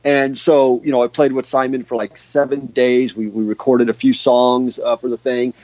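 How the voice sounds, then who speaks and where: A man in a casual interview spins a long, rambling story full of restarts and fillers. His voice sits at an ordinary pitch. The sound is dull and dry, with no room around it. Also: little pitch movement, normal speed, darkish tone, no room sound. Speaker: guest guitarist.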